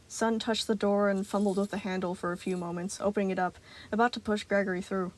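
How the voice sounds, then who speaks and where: Woman, fan fiction narration, calm, even, mid pitch. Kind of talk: story narration.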